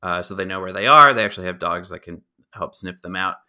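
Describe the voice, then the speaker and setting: A young man co-hosting a podcast, explaining film history in a relaxed, informative way with a dry sense of humor. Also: low-pitched, quick pace, clear, resonant tone. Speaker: podcast co-host. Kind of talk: casual movie review chat.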